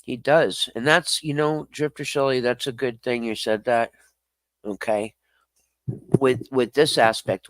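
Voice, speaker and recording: A man streams live, reading chat comments out loud and answering them bluntly, swearing freely, laughing often and talking straight back to viewers. His voice is fairly low and a bit bright, with no room sound.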